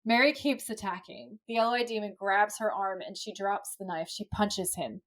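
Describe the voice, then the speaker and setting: A woman co-hosting a podcast, giving a lively, casual play-by-play recap of a TV episode with the odd swear word. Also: mid-range voice, moderate pace. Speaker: podcast co-host.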